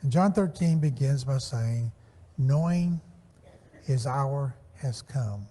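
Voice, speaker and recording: A man teaching a Sunday Bible class, measured and slowing down to stress the scripture phrases he reads. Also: mid-range voice, lively intonation, warm tone. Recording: church hall with long reverb.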